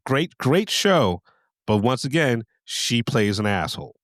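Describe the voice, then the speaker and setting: A man co-hosting a podcast, chatting casually with short, relaxed replies. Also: medium pitch, measured pace, no room sound, studio quality. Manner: laid-back, brief agreeing replies. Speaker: podcast co-host. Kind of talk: casual chat.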